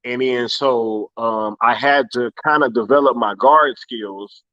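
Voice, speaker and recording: Relaxed male host from Inglewood, California, slangy, chuckling, muffled lo-fi mic. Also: medium pitch, a little slow, no echo. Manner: laid-back, laughs often, heavy slang. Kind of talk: casual live-stream chat.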